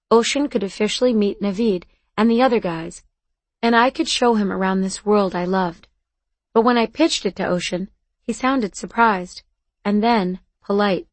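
A woman narrates a first-person story in an earnest, conversational way. The recording is dry and close, with no room echo at all. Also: mid-range voice. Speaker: audiobook narrator.

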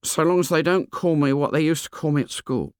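A man's voice: high-pitched, animated, measured pace, a bit bright, no echo, studio quality, voice pushed up, exaggerated voice. A man voicing a plump, anxious twelve-year-old schoolboy in an audiobook reading, earnest, fretful and eager to please. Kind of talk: audiobook character voice.

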